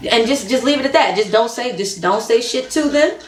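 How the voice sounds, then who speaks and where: A woman with a slightly high, expressive voice talks briskly and almost without pausing, giving blunt, chatty relationship advice in a candid vlog. She laughs a lot and repeats points for emphasis, and the room echoes noticeably.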